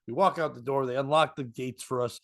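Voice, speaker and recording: A man's voice: mid-range voice, fairly quick, vocal fry. Laughing, storytelling man. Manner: animated, jumps into voices and laughs. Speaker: comedian. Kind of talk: casual storytelling.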